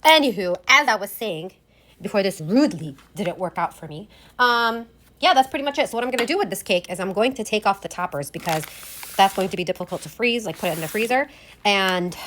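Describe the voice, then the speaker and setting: A woman, chatting through a casual vlog while still congested from an illness, animated and full of exclamations and asides. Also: medium pitch, brisk, a little hiss or hum. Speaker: vlogger.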